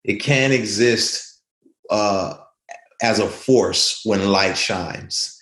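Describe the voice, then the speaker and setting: A man's voice: on the low side, very slow, a bit bright. Earnest man in an echoey room. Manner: earnest, reflective storyteller. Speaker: guest. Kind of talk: conversational interview.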